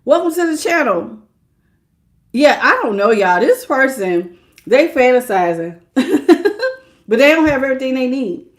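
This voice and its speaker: A woman's voice: high voice, big pitch swings, normal speed. A woman doing a casual live-stream tarot reading, chatty, greeting viewers by name and laughing often. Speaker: tarot reader.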